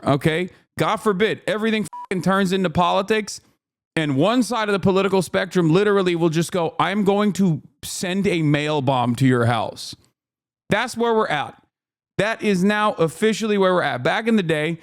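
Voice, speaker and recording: Male streamer, fairly high voice, profane animated rant. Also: clean tone. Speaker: streamer reacting to clips. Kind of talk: live-stream commentary.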